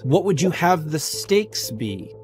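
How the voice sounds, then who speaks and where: A man voicing a proud, calculating king who speaks in a measured, commanding way. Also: a little high, big pitch swings, over music, pitched above the performer's own voice.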